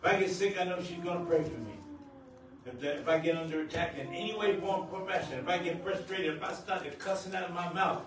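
An older man, married nearly fifty years, preaching a sermon as pastor, at times rising to shouts. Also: high-pitched, quick pace. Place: church sanctuary. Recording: very echoey church hall, distant mic, noisy.

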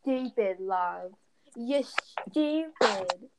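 A woman's voice: on the high side, lively intonation, drawn-out words, heavy background noise, heavily acted. A woman voicing a snooty British mean girl in a mock British accent, snide and bragging.

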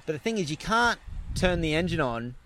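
Animated man telling a story. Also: fairly high pitch, a little fast, a little hiss or hum. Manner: animated, swears freely, laughs through his story. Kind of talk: casual storytelling.

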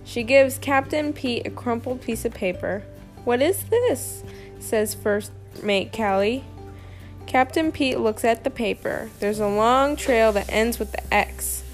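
A woman reading a children's picture book aloud, slowly and expressively. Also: on the high side, faint music behind. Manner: slow, expressive reading with lively character lines. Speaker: storybook reader.

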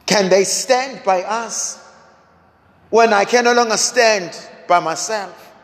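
A man preaching a sermon, slow and dramatic, building through repeated rhetorical questions. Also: high-pitched, a bit bright. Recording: long hall reverb.

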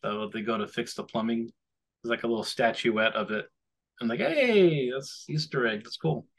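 Husky-voiced dad rambling on a podcast. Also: male voice, lowish voice, moderate pace. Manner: rambling, animated when quoting others. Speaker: podcast co-host. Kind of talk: casual chat.

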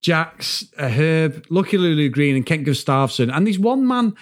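A man's voice: on the high side, expressive, moderate pace. A man co-hosting a movie podcast in casual chat, laughing and swearing freely. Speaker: podcast co-host.

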